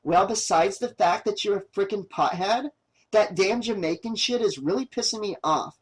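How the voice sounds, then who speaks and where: A man voicing an irritated young woman filmmaker, sharp and exasperated. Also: sits high, moderate pace, voice pushed up, close to an everyday voice. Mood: annoyed.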